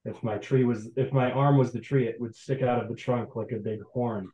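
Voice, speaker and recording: A man's voice: medium pitch, fairly even intonation, normal speed, warm tone, rough recording. A young man from the Adirondacks, a forager giving a casual online presentation in a chatty, rambling storytelling way over a video call. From Adirondacks, New York.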